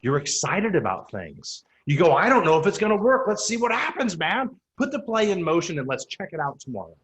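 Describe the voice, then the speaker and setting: A man in his forties delivers a motivational talk to real estate agents at a mid pitch. He is punchy and emphatic, hammers key lines by repeating them, and his voice leaps up when he acts out quotes. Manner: swings high and loud when quoting people. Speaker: real estate coach and speaker.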